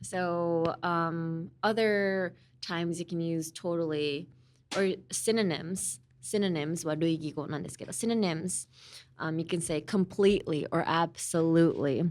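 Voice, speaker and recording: A woman's voice: fairly low pitch, normal speed, a little mellow, a little hiss or hum. A young woman from Los Angeles, teaching a lesson in a chatty way and mixing in Japanese. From Los Angeles, USA. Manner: chatty, easily mixes English and Japanese, explains with examples. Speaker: language teacher and host. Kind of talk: casual podcast language lesson.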